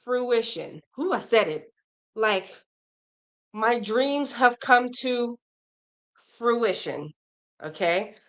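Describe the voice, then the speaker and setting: A woman's voice: on the high side, animated, extremely slow, long pauses, fairly bright tone. Chatty woman hosting a crochet stream. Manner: chatty, reads viewer comments aloud and reacts. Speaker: crochet live-stream host. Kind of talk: casual live-stream chat.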